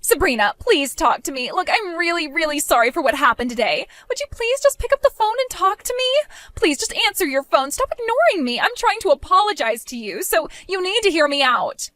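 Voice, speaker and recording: A spiteful young woman who mocks and whines, as a woman acts her out, her voice high and swinging wildly up and down. She sounds petty and childish. Recorded close and dry. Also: very animated, fairly quick, sharp tone, dry recording, heavily acted. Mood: pleading. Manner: mocking, whiny, pleading. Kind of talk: amateur voice drama.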